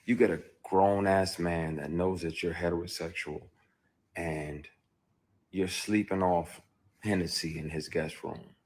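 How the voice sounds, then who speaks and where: Low husky-voiced man telling his story. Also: fairly even intonation, measured pace, a little mellow. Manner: blunt, profane, emotional, with restarts. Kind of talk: candid first-person storytelling.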